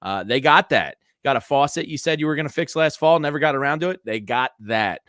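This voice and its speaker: A man co-hosting a sports podcast, reading ads in a chatty, energetic way and talking football casually. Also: mid-range voice, fairly quick, no echo, studio quality. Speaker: podcast co-host. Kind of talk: casual sports chat with host-read ads.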